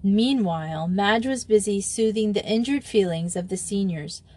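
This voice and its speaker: A woman reading a children's novel aloud as narrator, in a steady storytelling voice. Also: mid-range voice, moderate pace. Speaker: audiobook narrator.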